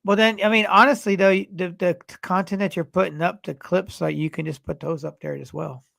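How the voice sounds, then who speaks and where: A man's voice: high-pitched, steady tone, fairly quick, vocal fry, a bit bright, no echo. A man in his forties co-hosting a podcast, rambling through stories in casual chat and swearing freely. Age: 40s. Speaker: podcast co-host.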